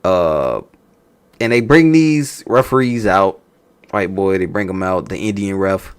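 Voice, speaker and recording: Here the voice is low, smooth and unhurried. He's another casual wrestling reviewer, cursing freely and laughing through lively anecdotes as he reacts.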